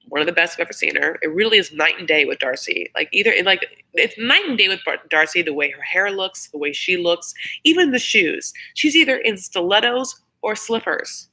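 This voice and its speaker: A woman's voice: lowish voice, animated, normal speed, pushed and bright, low-quality recording. A woman hosting a casual live reaction chat, chatty and rambling, who swears freely. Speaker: YouTube host doing a live episode reaction.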